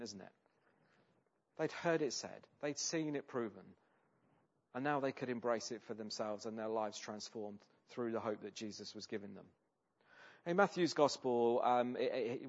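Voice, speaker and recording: A preacher delivers a sermon at an ordinary pitch and moderate pace, earnest and conversational, using tag questions to draw his listeners in. The recording is slightly dull and lo-fi.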